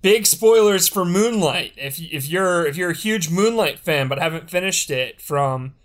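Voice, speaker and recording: A man co-hosting a casual podcast, blunt and sardonic and quick to swear. His voice sits a little higher than most men's. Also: animated. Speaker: podcast co-host.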